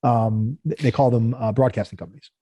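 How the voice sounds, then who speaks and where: A man's voice: mid-range voice, fairly even intonation, a little fast, dark tone, no room sound. A man, a company founder, tells stories in a casual interview, acting out the people he quotes in raised voices.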